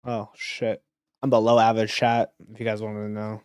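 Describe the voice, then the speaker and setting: A young man livestreaming while making beats, chatting casually and excitably with his viewers, swinging between loud bursts and quiet mumbling. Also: lowish voice, normal speed, clean tone, no echo, studio quality. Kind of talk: casual chat to stream viewers.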